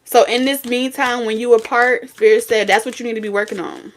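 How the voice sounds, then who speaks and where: Her voice a little high and steady, a woman does tarot readings a little fast. She scolds, swears, and repeats herself bluntly in street-style talk, bursting into laughs and song without warning.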